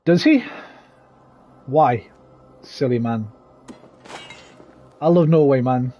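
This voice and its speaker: A man streams a video game, chatting casually, swearing freely and greeting viewers by name. His mid-range voice is mellow and slow.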